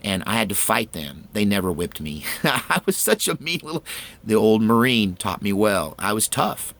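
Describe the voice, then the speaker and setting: A man's voice: on the low side, very animated, moderate pace, creaky, fairly bright tone. A man in his fifties telling a personal story in a folksy, earnest, conversational way.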